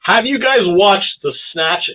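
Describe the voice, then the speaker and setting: A man's voice: high voice, lively intonation, slow, pushed and bright. A man guest on a film podcast, jokey and sarcastic, swearing casually. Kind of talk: casual film discussion chat. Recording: tinny phone-like remote line.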